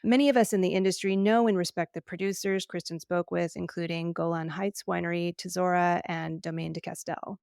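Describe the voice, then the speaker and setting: A middle-aged woman co-hosting a podcast, explaining news in an earnest, measured way. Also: lowish voice, steady tone, gravelly, darkish tone, smooth, no echo, studio quality. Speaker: podcast co-host, wine journalist. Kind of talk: casual news podcast chat.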